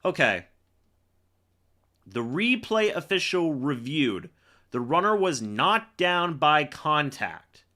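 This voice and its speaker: Speaking slowly in a slightly high, sing-song and sharp voice, a streamer narrates each play like a broadcaster. Between calls he rails at the refs in irritated anger.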